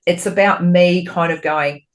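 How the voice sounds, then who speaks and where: In a casual chat, a podcast co-host who works as a spiritual medium talks openly and with lots of expression, cursing without hesitation. Retelling her exchanges with spirit makes her lively. Her voice is on the low side and unhurried.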